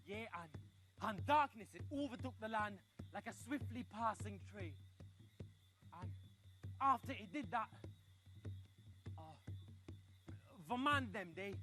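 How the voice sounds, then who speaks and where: A man performing a comic story, chatty and animated, swinging from hushed asides to loud outbursts. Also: high voice.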